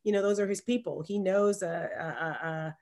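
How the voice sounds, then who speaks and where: A woman from Alabama with a Southern accent, co-hosting a podcast in animated, emphatic casual chat. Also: on the low side, moderate pace. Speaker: podcast co-host.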